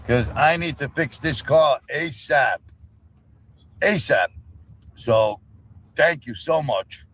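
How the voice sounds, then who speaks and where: A man's voice: on the high side, expressive, slow, fairly bright tone, slightly rough, low-quality recording. A man talking as a guest on a livestream in casual chat, rambling and repeating himself. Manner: rambling, repeats "you know what I mean".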